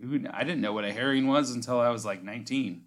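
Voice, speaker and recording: A man's voice: medium pitch, quick pace. A man co-hosting a podcast, playful and goofy in a casual chat, laughing often. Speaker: podcast co-host.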